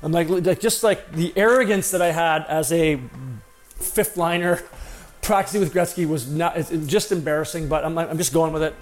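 A man's voice: a little high, normal speed. A former hockey player telling a personal story in a casual, conversational way, acting out the dialogue as he goes.

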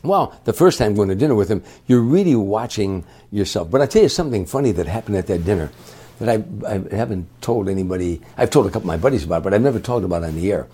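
An older man, a comedian and guest, telling a long anecdote in a lively way, acting out the voices of the people in it. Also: on the low side, fast, slightly rough. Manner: lively storyteller who acts out other people's voices. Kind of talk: anecdotal storytelling.

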